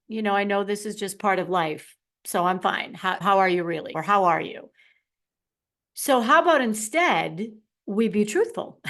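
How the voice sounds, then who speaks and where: A woman, a confidence coach, hosting her own podcast and talking candidly to listeners, animated and self-correcting. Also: mid-range voice. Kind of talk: solo podcast talk.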